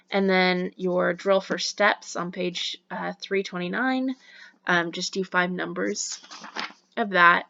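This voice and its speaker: A woman's voice: mid-range voice, creaky, fairly bright tone. A young woman instructor giving homework instructions at the end of a recorded online lecture, casual and full of ums. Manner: casual, filler-heavy with many ums. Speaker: college instructor. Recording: dull lo-fi recording.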